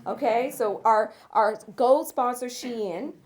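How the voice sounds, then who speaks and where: A woman's voice: fairly high pitch, slow, a little mellow. A middle-aged woman from Tennessee with a Southern accent, hosting a charity awards evening in a chatty, self-teasing way. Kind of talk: live speech to an audience. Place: event room with a live audience. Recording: live room with crowd noise.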